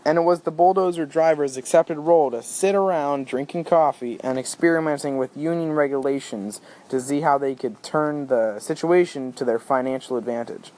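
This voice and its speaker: A man reading a novel aloud in a steady storytelling manner. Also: on the high side, moderate pace, hardly any pauses. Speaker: audiobook reader. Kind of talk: audiobook narration.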